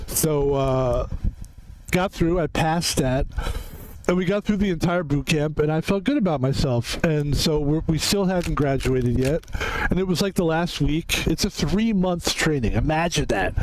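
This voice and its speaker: A man's voice: fairly high pitch, slight background noise, low-quality recording. Rambling, foul-mouthed man in his fifties. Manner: rambling storytelling with frequent profanity. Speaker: gaming video host. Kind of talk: casual commentary while playing a video game.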